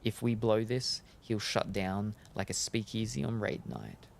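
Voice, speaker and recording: A man voicing a gruff, streetwise male vampire mentor in a video game, talking in a world-weary, clipped way. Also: on the low side, fairly even intonation, measured pace, slight background noise. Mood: gruff, knowing. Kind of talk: game dialogue read aloud.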